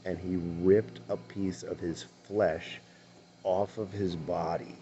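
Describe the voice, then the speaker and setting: A man's voice: deep voice, fairly even intonation, takes it slowly, warm tone, muffled recording. A man earnestly retelling and commenting on a testimony clip he has just played. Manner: earnest, retelling the story in his own words. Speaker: online commentator.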